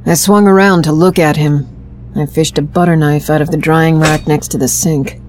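Woman narrator, very low voice, first-person scripted narration, steady delivery. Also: normal speed, a little hiss or hum.

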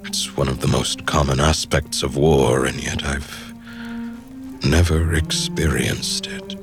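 A man voicing a brooding immortal horseman in human form, speaking slowly and solemnly in an audiobook. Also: steady tone, vocal fry, exaggerated voice. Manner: slow, solemn and low. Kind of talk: audiobook acting. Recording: with background music.

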